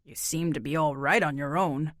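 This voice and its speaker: A woman's voice: deep voice, fairly even intonation, moderate pace, a bit bright, no room sound, studio quality, pitched below the performer's own voice. A woman reading an audiobook voices a blunt, laconic grown man who speaks in clipped, folksy sentences. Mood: flat, blunt. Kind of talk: audiobook character voice.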